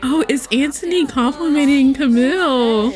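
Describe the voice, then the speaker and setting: A young woman hosting a casual gameplay commentary. She is chatty, calls her viewers y'all, laughs often, and breaks into excited squeals and playful exasperation. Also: high-pitched, moderate pace, faint music behind. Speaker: gameplay host.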